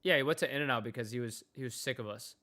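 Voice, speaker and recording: A young man who day-trades on his livestream chats casually, telling loose stories laced with slang and swearing and calling everyone "bro." His mid-range voice moves at a quick pace with a sharp tone.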